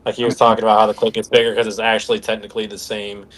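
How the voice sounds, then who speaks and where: Fast-talking, joking young-sounding man. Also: fairly low pitch, completely flat delivery, a bit bright. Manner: quick, joking, slangy. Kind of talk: casual chat.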